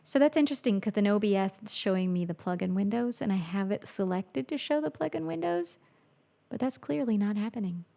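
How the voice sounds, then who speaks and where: Woman producer, casual stream talk, gravelly and dark in tone. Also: medium pitch, expressive, brisk. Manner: chatty, thinks aloud, reads viewer comments. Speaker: music producer livestreaming. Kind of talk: casual livestream chat while producing. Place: home music studio.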